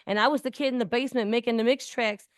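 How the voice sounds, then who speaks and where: A woman's voice: fairly high pitch, fairly even intonation, quick pace, smooth, no echo, clean studio sound. A woman in her forties, talking in an earnest, emphatic way in casual conversation and often repeating words. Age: 40s. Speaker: community speaker.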